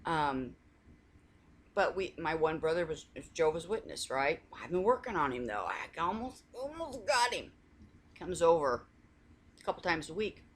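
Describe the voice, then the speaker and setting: A woman's voice: low-pitched, sing-song, normal speed, a little hiss or hum. A woman talking in a casual coffee chat, rambling through family stories with many restarts and laughing now and then. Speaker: faith vlogger.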